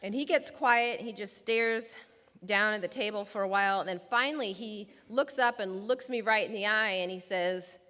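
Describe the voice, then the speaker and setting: A woman's voice: medium pitch, normal speed, bright, forceful tone. Woman telling a story in a hall. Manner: storytelling, acts out quoted voices. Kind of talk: prepared public talk. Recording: long reverb of a large hall.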